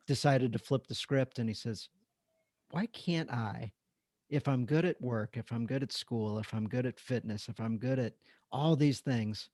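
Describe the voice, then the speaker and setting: A man's voice: mid-range voice, normal speed, darkish tone, dry recording. A man who is a guest on a podcast, a coach and author, talking in a casual, upbeat way and filling his speech with "like" and "you know.". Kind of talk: conversational podcast interview.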